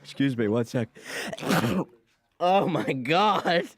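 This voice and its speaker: A man's voice: on the high side, animated, takes it slowly. A man voicing an awkward, hesitant young adult son in a cartoon, full of stammers and filler words. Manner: awkward, hesitant, self-absorbed.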